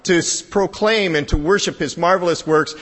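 A man preaching a sermon in a conversational style, building to emphatic, higher-pitched peaks. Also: moderate pace, a bit bright, in a large hall. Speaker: pastor.

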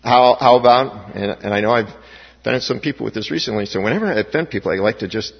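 A man's voice: mid-range voice, fast talker, creaky, slightly rough. A man preaching a sermon as pastor, with emphatic rising stresses and frequent restarts. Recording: dull, echoey hall recording.

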